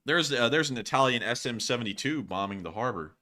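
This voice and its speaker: A man's voice: medium pitch, expressive, fast talker, pushed and bright. A man hosting a live-streamed war news show, answering viewer questions in casual chat, laughing often and joking loosely.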